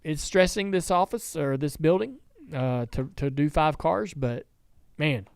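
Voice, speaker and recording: A man's voice: a little high, measured pace, creaky, clear, resonant tone, no echo. A man hosting a casual studio talk show, telling rambling stories with many restarts. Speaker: podcast host and team owner. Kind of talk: casual chat.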